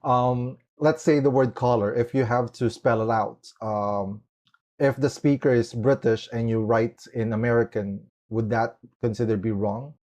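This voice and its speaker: Mellow-voiced rambling podcast host, a man. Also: medium pitch, fairly even intonation, measured pace. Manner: rambling, heavy use of "like" and "it's like". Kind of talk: casual interview chat.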